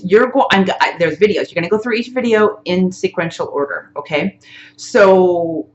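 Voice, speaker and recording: A woman's voice: on the low side, highs cut off. A woman giving a casual tapping lesson, talking step by step and checking in with "okay?" after each point. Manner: chatty, repeats "okay?" to check in. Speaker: tapping coach. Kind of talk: casual instructional talk to camera.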